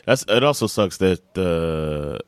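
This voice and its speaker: A man's voice: deep voice, lively intonation, slow pace, smooth, no room sound. A man co-hosting a podcast in casual chat, joking and laughing a lot, blunt in his opinions. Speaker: podcast co-host.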